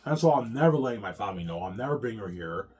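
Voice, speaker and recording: Rapid-fire and animated, this male vlogger speaks in a lowish, slightly mellow voice. His monologue to viewers is long and meandering, laced with swearing and repetition, and he keeps tagging lines with "man" and "yeah."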